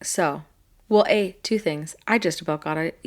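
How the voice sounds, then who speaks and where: A podcast co-host with a deep voice tells a story at normal speed in a casual chat. She swears freely and acts out a heated exchange.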